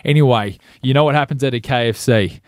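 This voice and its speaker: A man's voice: medium pitch, quick pace, no echo. An Australian man hosting a breakfast radio show, bantering casually, laughing often and trailing off mid-sentence at a studio microphone.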